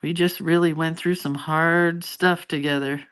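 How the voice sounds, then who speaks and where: A woman's voice: sits low, fairly even intonation, measured pace, a bit bright, clear, resonant tone. A middle-aged woman hosting a casual live stream, chatting with her viewers and reading out their comments in a rambling, familiar way.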